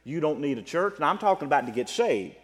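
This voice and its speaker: A man preaching a sermon as pastor, animated, with a rising and falling delivery. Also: on the high side, fast. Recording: long reverb of a large hall.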